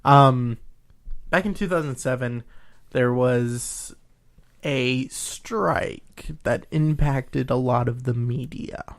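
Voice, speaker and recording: A man's voice: mid-range voice, takes it slowly. Man explaining with lots of ums. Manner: explains at length with many ums. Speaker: podcast co-host. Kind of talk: casual chat.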